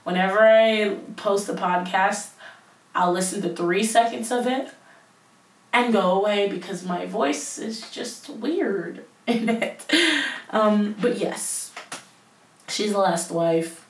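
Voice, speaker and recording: A woman's voice: mid-range voice, takes it slowly, reverberant, recorded from a distance, rough recording. A young woman hosting a casual solo podcast, rambling and self-mocking with lots of fillers, on a headset mic. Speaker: podcast host.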